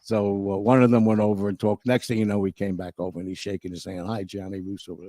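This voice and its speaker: A man's voice: on the low side, fast talker, dark tone, dry recording, studio quality. An older man telling a profane story and acting out both sides of the conversation. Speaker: storytelling guest. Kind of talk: casual storytelling.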